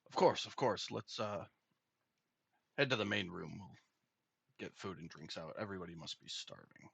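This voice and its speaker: A man voicing a hospitable dwarf who briskly invites everyone to eat. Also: low-pitched, animated, creaky, pushed and bright, breathy edge, no room sound, heavily acted. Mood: welcoming.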